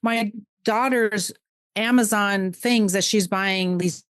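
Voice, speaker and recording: A middle-aged woman, a podcast guest, speaking earnestly and emotionally in quick bursts in a heartfelt interview. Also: mid-range voice, fairly even intonation, a bit bright, no echo, studio quality.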